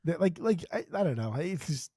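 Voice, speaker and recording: A man co-hosting a podcast with a husky, mellow voice. He talks casually, swears freely and hammers his points home by repeating them. The recording is dry and close. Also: on the high side, very animated, a little fast, dry recording. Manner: profane, emphatic, repeats phrases. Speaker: podcast co-host.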